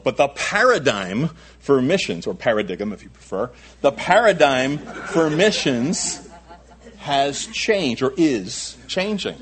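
A man's voice: mid-range voice, slightly rough. A male pastor preaching a sermon in an emphatic way, often repeating himself and adding asides.

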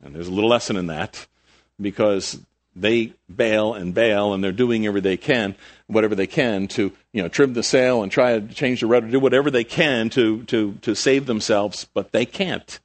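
A middle-aged man preaching a conversational sermon, with sudden rises in emphasis and quiet drops. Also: fairly low pitch, moderate pace. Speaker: pastor.

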